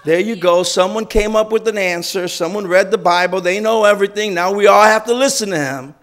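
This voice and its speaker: A male preacher retells a story with animated, conversational energy. His voice sits high for a man. He delivers it as a storytelling sermon. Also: a little fast. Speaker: guest preacher.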